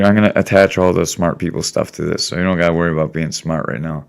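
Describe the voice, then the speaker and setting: A man hosting a podcast, gently coaxing and encouraging his young guest in a plainspoken, casual way. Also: low-pitched, fairly even intonation, fast talker, vocal fry, smooth. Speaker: podcast host. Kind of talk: casual interview.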